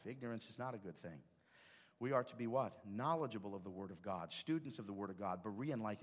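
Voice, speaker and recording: A man's voice: fairly low pitch, long reverb tail. A male pastor preaching a sermon, quoting scripture with dramatic emphasis and rising intensity. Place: church sanctuary.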